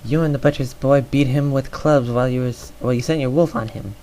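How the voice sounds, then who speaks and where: A man's voice: medium pitch, steady tone, quick pace, mellow, a little hiss or hum, close to an everyday voice. A man voicing a haughty, scornful queen who speaks in a sneering, accusing way in a storybook reading.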